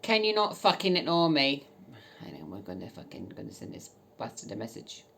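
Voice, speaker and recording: Bawdy woman with a very deep voice. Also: big pitch swings, fairly quick, creaky, slight background noise. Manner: bawdy, cheeky, swears a lot; loud, sudden laughs. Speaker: vlogger. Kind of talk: casual chat reading dating messages aloud.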